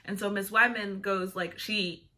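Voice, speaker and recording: Young woman vlogger, bright voice, animated casual storyteller. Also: medium pitch, unhurried, slight background noise. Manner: animated storytelling, many "like" fillers. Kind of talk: storytime vlog, casual chat.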